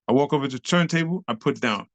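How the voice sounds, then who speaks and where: A man's voice: medium pitch, racing, dry recording, dull audio. A middle-aged man, a guest on an interview show, telling a story animatedly, swearing freely in street slang and acting out scenes with beats and sound effects.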